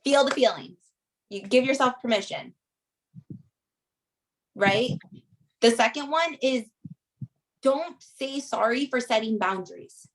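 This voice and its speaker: A woman's voice: a little high, animated, a little slow, creaky, pauses often, poor audio. A woman leading a group coaching session, giving motivational advice in an emphatic way and checking in with "right?" after nearly every point.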